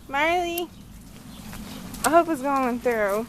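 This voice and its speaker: A woman's voice: sits high, slow pace, long pauses. A young woman chatting casually to the camera while filming her pets in the yard, giggling and talking to her dog in a sing-song voice. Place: outdoors in a yard. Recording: noisy outdoor home video.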